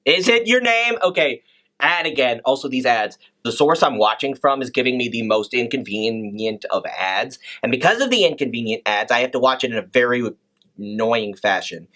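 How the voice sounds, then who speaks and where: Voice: mid-range voice, expressive, normal speed, a bit bright. A video host commentating casually on a film, chatty and rambling, with many restarts and asides.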